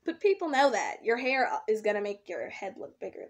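A woman's voice: a little high, sing-song, a little fast, hardly any pauses. A young woman chatting casually to her camera in a rambling, self-talking vlog, drawing out her words. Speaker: slime vlogger. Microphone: camera set up nearby.

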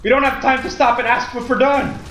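A man's voice: very high-pitched, steady tone, a little fast, fairly bright tone, roomy sound, a little hiss or hum. A man playing a co-op shooter, barking urgent orders and teasing his partner in casual gameplay chat. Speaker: let's play gamer.

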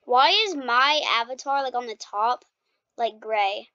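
A woman hosting a gaming video, chatting casually and playfully while she plays, quick to protest and tease. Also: a little high, lively intonation, bright, forceful tone, smooth, lo-fi sound. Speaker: gaming channel host. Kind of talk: casual gameplay commentary.

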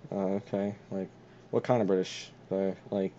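Young dude playing a game, sarcastic and dry, low mellow voice, muffled lo-fi mic. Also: male voice, fairly even intonation, moderate pace, a little hiss or hum. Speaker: gamer. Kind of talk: casual gaming chat.

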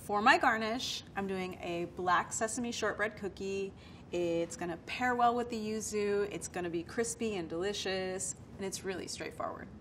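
A woman's voice: mid-range voice, normal speed, a little hiss or hum. A woman pastry chef talking step by step through making her dessert. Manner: relaxed, step-by-step explaining. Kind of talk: cooking demonstration talk. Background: background music.

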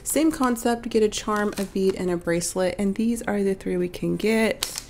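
A woman's voice: medium pitch, moderate pace, noisy background. A woman hosting a toy unboxing video, chatting casually to her viewers while she strings beads, her voice a bit off from being sick. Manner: talks straight to viewers, chatty, self-correcting, little laughs. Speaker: toy unboxing channel host.

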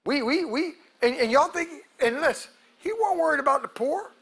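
A male pastor preaching a sermon to his congregation, calling out to them and acting out quotes, breaking into loud shouts at the peaks. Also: very high-pitched, animated, moderate pace. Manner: preaching with call-outs to the congregation, acts out quotes. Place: church sanctuary.

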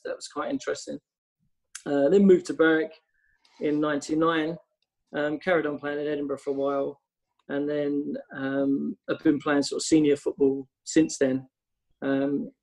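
Guy coach yarning on a podcast, bit high voice, lots of ums. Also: creaky, a little mellow, poor audio. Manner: rambling anecdotes with frequent ums. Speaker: women's football coach. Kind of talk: casual podcast storytelling.

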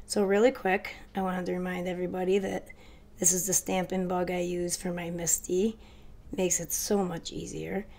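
Woman crafting vlogger with a cold: low, fry-edged, nasal-stuffy voice, quick friendly chatter to camera. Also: flat delivery, a little mellow. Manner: chatty, hurried, addresses viewers directly. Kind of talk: casual haul video chat.

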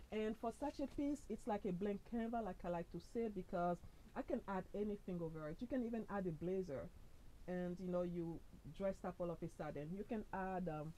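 A woman's voice: medium pitch, a little hiss or hum, poor audio. Upbeat woman in a chatty try-on vlog. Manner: chatty and upbeat, full of fillers and "sis"; speaks louder than her usual soft voice. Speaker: fashion vlogger. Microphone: camera mic, no lapel.

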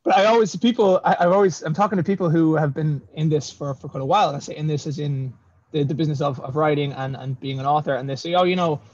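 A man's voice: on the high side, fairly even intonation, fast, a little mellow. A man who writes fantasy novels, chatting in a casual video-call interview, self-deprecating and laughing often. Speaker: self-published fantasy author, guest. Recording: dull lo-fi video call audio.

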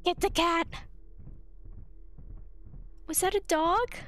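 A woman streaming a video game live, commenting excitedly and shrieking when startled. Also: very high voice, slow.

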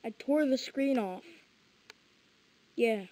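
A woman's voice: on the high side, slow pace, background noise. A woman chatting casually in a vlog, rambling and stammering over repeated words. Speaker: vlogger.

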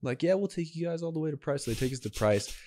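A young man co-hosting a podcast, telling a story in a casual, animated way and acting out what people said. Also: a little high, quick pace, no room sound, studio quality. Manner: animated, acts out dialogue. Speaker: podcast co-host.

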